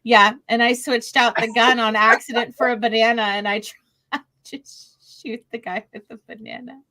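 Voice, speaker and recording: A woman chatting casually as a podcast guest, telling stories in a giggly, animated way. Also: fairly high pitch, normal speed.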